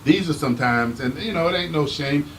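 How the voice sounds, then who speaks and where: A man hosting a casual talk show, animated and emphatic, teasing his guest. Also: on the high side, moderate pace, slight background noise, rough recording. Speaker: host. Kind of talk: casual chat.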